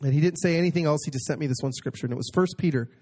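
A man preaching a personal testimony, moving between hushed storytelling and excited exclamation and reading scripture slowly and emphatically. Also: on the high side, slightly rough. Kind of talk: sermon testimony.

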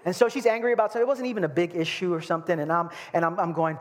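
A man's voice: sits high, fairly even intonation, rapid-fire. A male pastor from Brooklyn preaching a sermon, telling stories animatedly and acting out scenes with humor. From Brooklyn, New York.

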